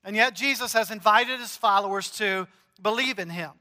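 A man's voice: high voice, normal speed, bright, forceful tone, long reverb tail. A middle-aged man, preaching a conversational sermon to his congregation with frequent "uh" fillers and light humor. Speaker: pastor. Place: church sanctuary.

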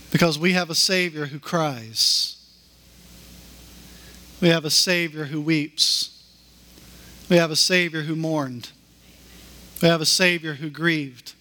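A man preaching a sermon as pastor, with slow, emphatic repeated declarations that climb in pitch. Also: sharp tone.

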